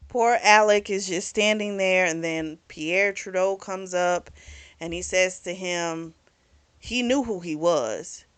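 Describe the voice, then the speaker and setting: A woman giving a casual, blunt, profane recap of a novel's plot, animated and full of fillers. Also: on the low side, slow pace, smooth. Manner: blunt, profane, talks back at the characters; animated storytelling with lots of fillers. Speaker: book reviewer.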